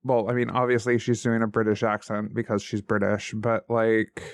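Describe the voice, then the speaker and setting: A man's voice: on the low side, flat delivery, normal speed, no room sound. A man co-hosting a podcast, chatting casually and animatedly about books and shows. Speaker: podcast co-host. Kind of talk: casual chat.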